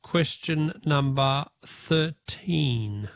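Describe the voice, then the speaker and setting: A jovial Australian man hosts a talkback radio quiz, chatting easily with callers. His voice sits a little high with a gravelly edge, close and dry in a studio. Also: no echo. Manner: jovial, chatty, quick laughs.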